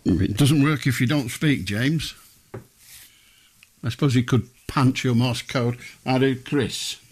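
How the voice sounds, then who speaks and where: A man's voice: mid-range voice, takes it slowly, a little mellow, breathy edge. A man hosting a late-night radio phone-in, blunt and dry with his callers.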